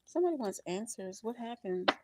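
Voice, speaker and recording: An older woman reading tarot on a livestream, expressive and preachy, often laughing and calling her listeners honey and baby. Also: a little high, fairly quick, heavy background noise. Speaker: tarot reader.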